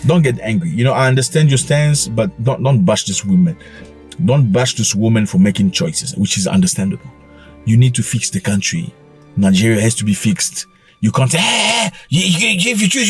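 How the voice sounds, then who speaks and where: Emphatic husky man ranting to camera. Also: medium pitch. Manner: emphatic, rhetorical, scolding. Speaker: commentary channel host. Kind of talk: opinionated commentary monologue.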